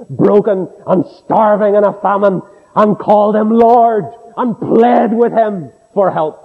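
A man's voice: sits high, unhurried, creaky, husky. A man preaching a sermon in a dramatic, emphatic way, acting out the people he quotes. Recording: dull recording with long hall reverb.

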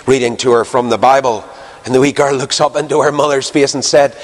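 A man preaching a sermon, lively and conversational, jumping up in pitch to stress a point. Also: moderate pace. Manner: animated, jumps in pitch for emphasis. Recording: long hall reverb.

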